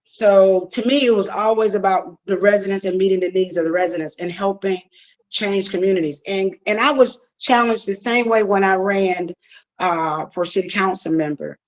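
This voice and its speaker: A woman running for Congress, answering interview questions earnestly and haltingly, with many fillers. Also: medium pitch, muffled recording. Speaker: political candidate guest.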